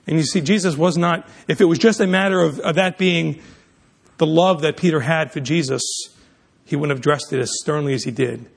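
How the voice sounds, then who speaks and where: A man's voice: fairly high pitch, a little fast, vocal fry. A man preaching a sermon, emphatic, often restarting and repeating words mid-sentence.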